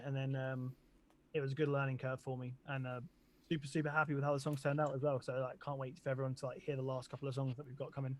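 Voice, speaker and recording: A man's voice: mid-range voice, fast. A man with an English accent, a band's singer and producer, chatting loosely in an interview with lots of ums and likes. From England. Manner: relaxed, rambling, many ums and likes. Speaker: band vocalist and producer. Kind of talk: casual interview chat.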